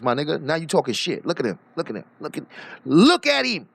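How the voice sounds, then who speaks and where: A man hosting a live stream, reacting to clips with animated, mocking, profane commentary. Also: high voice, fast, gravelly, no room sound.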